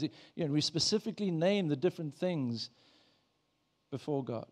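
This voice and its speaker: A man's voice: on the high side, lively intonation, moderate pace. A man, a pastor, preaching a sermon in a church in a conversational way, asking the congregation questions.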